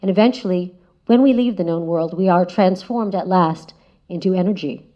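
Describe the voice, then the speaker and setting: A woman giving a prepared spoken essay as a guest speaker, measured and reflective, often letting her phrases trail off softly. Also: fairly low pitch. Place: lecture room. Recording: slightly dull lo-fi audio.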